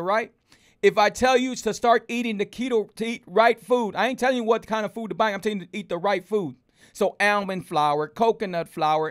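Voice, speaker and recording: High-voiced man preaching on a livestream. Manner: animated and preachy, repeats rhetorical questions. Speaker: host of a health livestream. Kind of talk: casual livestream talk to viewers.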